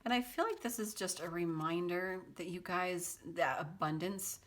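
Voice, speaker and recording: A woman's voice: lowish voice, normal speed. A woman giving a casual tarot reading to her viewers, chatty and laughing easily, with a sarcastic sense of humor and lots of loose fillers. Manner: loose speech with many fillers. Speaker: tarot card reader.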